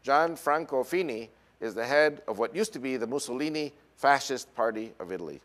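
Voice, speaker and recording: A man's voice: medium pitch, brisk. A man from New York with a New York accent, giving a lecture full of personal anecdotes and frequent "uh" fillers. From New York, USA. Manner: animated storyteller, frequent "uh" fillers. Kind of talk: lecture mixed with personal storytelling.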